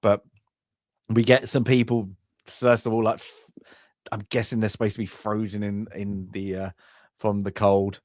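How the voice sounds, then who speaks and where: A man's voice: lowish voice, little pitch movement, moderate pace, long pauses, darkish tone, no echo, clean studio sound. Rambling man chatting about a film. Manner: rambling, many restarts and fillers, acts out characters' lines. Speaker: film review co-host. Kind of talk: casual film discussion.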